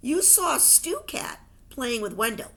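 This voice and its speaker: A gentle, motherly old housekeeper with a hint of mystery, put on by a woman reading a storybook. She speaks slowly with a slightly gravelly voice. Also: a little high, very animated, heavily acted.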